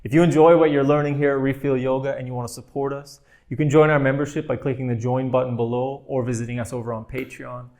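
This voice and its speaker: A man teaching a meditation class in a gentle, playful way, often laughing softly as he explains. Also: mid-range voice, level tone, fast, few pauses.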